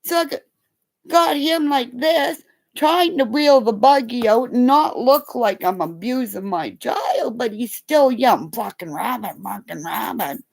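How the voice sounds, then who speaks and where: A live streamer, a middle-aged woman with a high voice and measured pace, tells rambling stories in casual chat. She swears freely and animatedly acts out the voices of the people involved.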